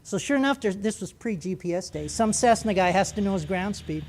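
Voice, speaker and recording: A man, a former pilot, telling a humorous story with lively, animated delivery. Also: sits high, a little fast, a little hiss or hum. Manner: lively, animated, comic timing.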